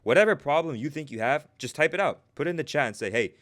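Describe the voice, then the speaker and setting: A man's voice: fairly high pitch, expressive, fast, fairly bright tone. A man coaching traders on a live stream in a casual, talkative way, checking in with viewers after almost every sentence and addressing people in the chat by name. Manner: casual, repeats "right?" after nearly every point.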